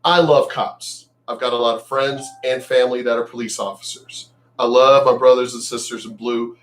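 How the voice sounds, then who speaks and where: A man ranting bluntly on his vlog, cursing freely and swinging between loud outbursts and quieter asides. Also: medium pitch, fairly even intonation, moderate pace. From United States. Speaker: vlogger.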